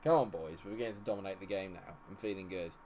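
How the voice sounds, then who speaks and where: A man giving live commentary on a football management game, chatting with viewers and reacting loudly to the match. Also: low-pitched, racing. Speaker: streamer.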